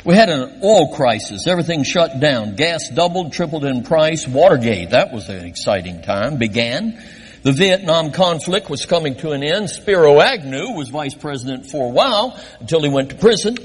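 A man's voice: on the high side, normal speed, husky. An older man, a pastor, preaching and telling self-mocking stories from his early ministry. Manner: animated, self-mocking storyteller. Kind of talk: sermon with personal stories. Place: church sanctuary. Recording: long reverb of a church hall.

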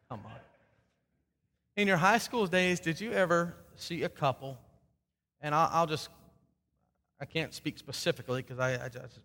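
Male pastor, sermon delivery, emphatic builds and hushed endings, slightly high pitch. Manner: earnest, rising to emphatic peaks and dropping to soft low endings. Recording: long hall reverb.

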